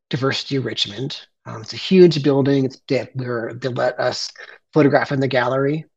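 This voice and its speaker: Earnest husky man in his forties. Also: mid-range voice, lo-fi sound. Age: 40s. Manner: earnest, emotional, halting with fillers. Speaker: photographer presenting a portrait project. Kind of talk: conversational presentation.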